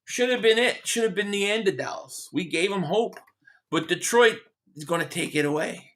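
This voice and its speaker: A man's voice: sits high, lively intonation, normal speed, a bit bright. A man hosting a live sports reaction stream, trash-talking and sarcastic as he chats with viewers.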